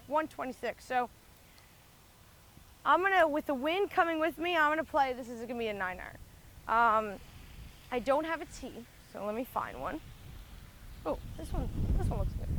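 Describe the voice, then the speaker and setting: A woman's voice: high-pitched, a bit bright. Chatty woman vlogging on a golf course. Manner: chatty, thinks aloud with many likes and restarts. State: out of breath. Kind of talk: casual talk-through while playing golf. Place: outdoors on a windy golf course.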